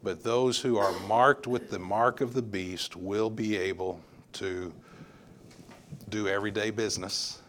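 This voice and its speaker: A man's voice: fairly low pitch, fairly even intonation, a little slow, a bit bright. A male pastor preaching a sermon, emphatic and repeating words for stress.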